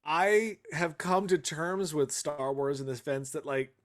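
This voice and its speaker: A man co-hosting a podcast, telling stories in an animated way and swearing freely. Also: a little high, unhurried. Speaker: podcast co-host. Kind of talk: casual chat.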